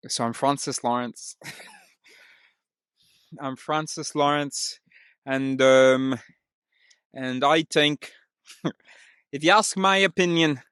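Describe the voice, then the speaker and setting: A man's voice: mid-range voice, extremely slow, pauses often, a bit bright, smooth, no room sound, studio quality. A man putting on a made-up character, sliding between exaggerated, giggly mock accents. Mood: playful.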